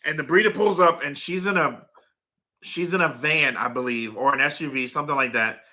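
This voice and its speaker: A man's voice: on the high side, brisk, sharp tone. A man hosting a casual livestream, rambling with lots of fillers and turning aside to talk to his dog and his viewers. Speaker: livestream host.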